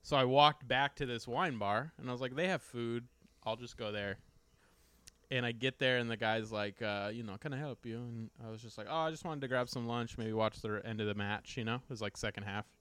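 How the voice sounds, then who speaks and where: A man's voice: medium pitch, fairly even intonation, fairly quick, fairly bright tone, clean tone, no room sound. An American man chatting casually on a podcast, telling a story with lots of likes and you-knows. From United States. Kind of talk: casual chat.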